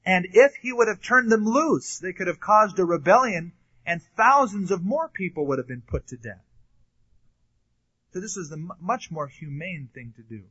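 A man's voice: high-pitched, expressive, moderate pace, fairly bright tone, breathy edge. A man teaching a sermon verse by verse, reading scripture aloud and then commenting on it in a conversational way, with occasional fillers. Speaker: pastor. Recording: dull lo-fi recording.

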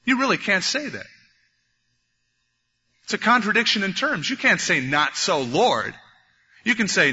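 A man preaching a sermon, animated, acting out the voices of biblical figures as he goes. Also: high voice, measured pace, long pauses, breathy edge. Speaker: pastor. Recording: dull lo-fi recording in a reverberant hall.

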